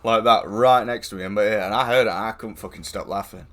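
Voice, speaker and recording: A man's voice: lowish voice, fast talker, fairly bright tone. A man streaming live, telling a rambling anecdote with lots of swearing, laughing and quoted voices. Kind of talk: casual storytelling.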